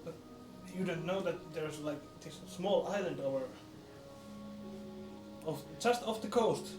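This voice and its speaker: Male player, high voice, playful in-character banter, roomy echo. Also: measured pace, far from the mic. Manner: playful, laughs often. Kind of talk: in-character tabletop play. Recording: echoey room with music.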